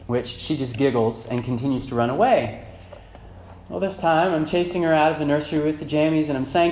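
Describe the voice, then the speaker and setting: A man in his thirties preaching a sermon as pastor, moving between loud fervent emphasis and soft reflective passages. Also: on the high side, fairly even intonation, fairly quick. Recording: echoey church room with faint hum.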